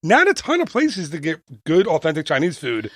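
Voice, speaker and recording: A man's voice: a little high, wildly swooping pitch, fairly quick, fairly bright tone, no room sound, studio quality. A man co-hosting a travel podcast in casual chat, joking and often restarting his sentences. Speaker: podcast co-host.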